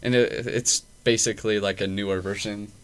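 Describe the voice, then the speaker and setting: A man's voice: fairly low pitch, steady tone, normal speed, a bit bright. A young man hosting a podcast, telling a loose, profane story full of fillers in casual chat. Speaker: podcast host. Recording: faint background noise.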